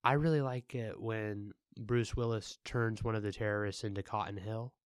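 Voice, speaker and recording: Young male co-host, lowish voice, dry close mic, laid-back and jokey. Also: steady tone, moderate pace, clean tone, dry recording. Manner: laid-back, joking, with crude asides. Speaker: podcast co-host. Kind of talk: casual chat.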